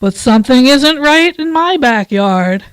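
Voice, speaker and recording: A woman's voice: sits high, lively intonation, a little slow, clear, resonant tone, no room sound. A woman reading as a boastful purple bunny.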